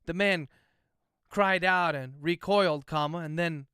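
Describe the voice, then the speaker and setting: This man's voice is fairly high, unhurried, pushed and bright, with a clean tone. He's an author livestreaming as he dictates his novel, speaking each punctuation mark aloud, and between passages he chats casually with his viewers. The recording is dry, with clean studio sound.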